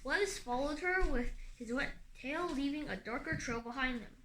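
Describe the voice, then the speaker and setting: A woman's voice: high-pitched, moderate pace, a bit bright. A woman reading a fantasy novel aloud expressively, with occasional slips and restarts. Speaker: audiobook reader. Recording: echoey room, faint hum.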